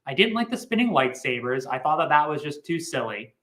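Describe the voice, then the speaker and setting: A man hosting a livestream, pitching comic books in a chatty, rambling way with jokey asides. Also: big pitch swings, fairly quick, fairly bright tone, echoey room, low-quality recording. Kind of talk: casual sales pitch chat.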